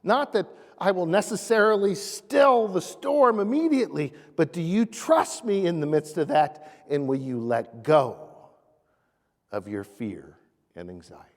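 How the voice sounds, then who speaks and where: A man preaching a sermon as pastor in a church sanctuary, earnest, rising animatedly and dropping soft. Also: high voice, animated, a little slow. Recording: echoey church hall.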